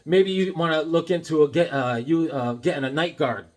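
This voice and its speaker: A man's voice: fairly high pitch, steady tone, normal speed, darkish tone, close to an everyday voice. A man doing a mumbling, hesitant dentist. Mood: matter-of-fact. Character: male dentist, calm and matter-of-fact.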